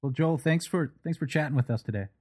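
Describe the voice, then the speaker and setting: A man interviewing a guest, asking brief, slowly spoken questions. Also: a little high, darkish tone.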